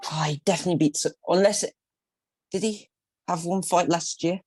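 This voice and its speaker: A man co-hosting a podcast, giving short, relaxed replies in casual chat. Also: sits high, normal speed, husky. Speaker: podcast co-host.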